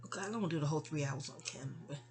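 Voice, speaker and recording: A woman's voice: low-pitched, racing, a little mellow. A woman, telling a long, rambling personal story in a chatty way, sounding sleepy. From New York City. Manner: rambling, chatty, with frequent restarts and asides. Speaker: vlogger. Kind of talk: casual storytelling monologue.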